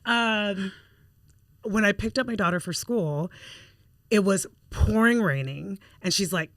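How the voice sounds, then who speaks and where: A woman in her forties co-hosting a podcast, telling animated stories in casual chat and acting out the quotes. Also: mid-range voice, measured pace, dry recording, clean studio sound. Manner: animated storyteller, acts out quotes. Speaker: podcast co-host.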